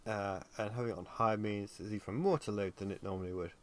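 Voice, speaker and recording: A tired man chatting casually on a livestream while he works on 3D animation, thinking aloud with frequent pauses and ums. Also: lowish voice, fairly even intonation. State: tired and yawning. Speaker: 3D animator livestreaming his work.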